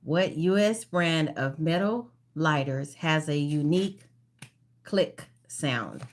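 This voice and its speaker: A woman hosting a casual live-stream trivia game. She reads each question slowly, repeats it, and greets viewers by name. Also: low-pitched, animated. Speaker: livestream trivia host.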